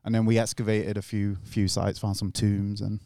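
A man's voice: lowish voice, flat delivery, moderate pace, warm tone, dry recording, clean studio sound. A young English man telling rambling stories on a podcast, laughing often and swearing freely. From England. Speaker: guest. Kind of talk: casual podcast chat. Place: podcast studio.

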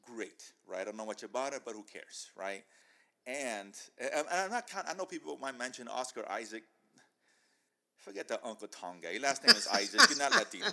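A man hosting a casual podcast chat, excitable and animated, often talking over his co-hosts. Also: mid-range voice, a little fast, gravelly. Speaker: podcast host.

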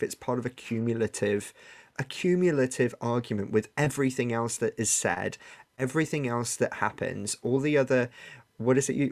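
A man talking casually and earnestly, thinking aloud as he explains a point to an interviewer. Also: mid-range voice. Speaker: guest discussing scripture.

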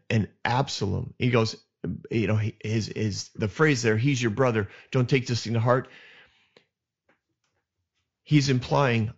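A man hosting a podcast, retelling Bible stories in a casual, animated way and acting out the characters' lines. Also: on the low side, unhurried. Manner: animated retelling with acted asides. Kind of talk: casual storytelling. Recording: dull lo-fi sound.

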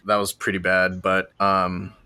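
Laid-back young man with a bright voice. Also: low voice, completely flat delivery, measured pace, clear, resonant tone. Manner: laughs often, loose and rambling with many fillers. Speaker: podcast co-host. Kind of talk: casual chat.

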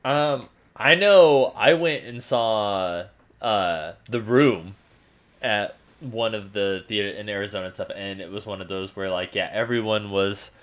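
A man on a podcast talking in a relaxed, casual way, full of fillers like "like" and "dude". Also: fairly low pitch, a little slow. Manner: relaxed, filler-heavy talk with lots of "like" and "dude". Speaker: podcast co-host. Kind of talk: casual chat.

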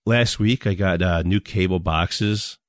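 A man co-hosting a casual podcast, telling stories in a relaxed way and chuckling often. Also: deep voice, measured pace, no echo, clean studio sound. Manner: laid-back storyteller, chuckles often. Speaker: podcast co-host.

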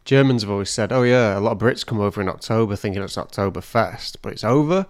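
A man's voice: fairly low pitch, quick pace, a little mellow. A man co-hosting a podcast in casual chat, telling anecdotes and teasing his partner. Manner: chatty, teasing storyteller. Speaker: podcast co-host.

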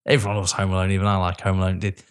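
A man's voice: sits low, completely flat delivery, rapid-fire, smooth. A man hosting a podcast in casual chat, speaking bluntly, swearing, and laughing easily. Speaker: podcast host.

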